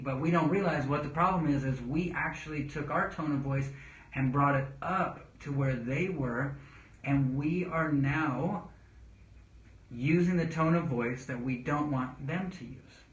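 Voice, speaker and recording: A man's voice: on the high side, a little slow. Man talking parenting, roomy dull sound. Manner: rambling, with restarts and calm demonstrations of speech. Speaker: children's pastor. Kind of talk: casual advice talk to camera.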